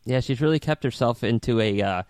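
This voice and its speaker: A man's voice: medium pitch, brisk, a little mellow, clean tone, dry recording. A middle-aged man hosting a radio interview, chatty, with nostalgic asides between his questions. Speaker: radio show host. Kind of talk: casual interview chat.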